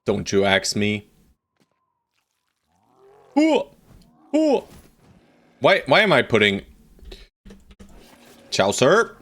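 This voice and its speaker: A man's voice: medium pitch, wildly swooping pitch, extremely slow, long pauses, fairly bright tone. A man streaming a strategy game live, chatting playfully to viewers and bossing his units around with casual swearing. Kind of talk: live gameplay commentary.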